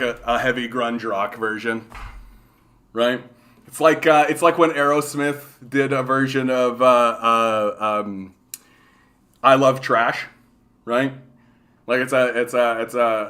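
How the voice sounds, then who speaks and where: Bright-voiced, swearing Canadian man. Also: mid-range voice. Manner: profane, fillers like "like" and "right?". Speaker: livestream host. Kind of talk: casual political rant.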